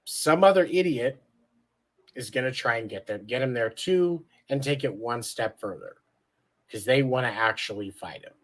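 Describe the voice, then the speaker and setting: A man's voice: medium pitch, animated, moderate pace, fairly bright tone. A man co-hosting a sports podcast, talking bluntly and casually with profanity and jokes. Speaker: podcast co-host.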